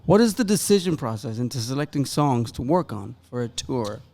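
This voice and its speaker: A man's voice: medium pitch, big pitch swings, brisk, vocal fry, darkish tone. A man in a band, playfully reading fan questions and wrapping up a casual backstage chat. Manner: playful, laughing.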